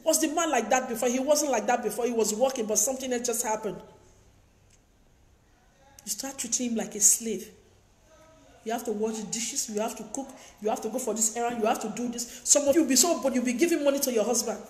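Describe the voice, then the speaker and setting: A woman's voice: a little high, fairly quick, darkish tone. A woman giving emphatic, preachy advice in a lecturing monologue, repeating her points. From Africa. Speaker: advice vlogger. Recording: echoey room.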